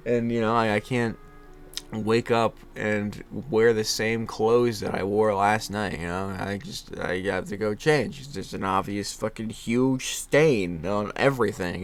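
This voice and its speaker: A man in his twenties telling a candid personal story about his childhood, laughing at himself often and restarting his sentences. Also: on the low side. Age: 20s. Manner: self-deprecating, laughs often, many restarts. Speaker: podcast host.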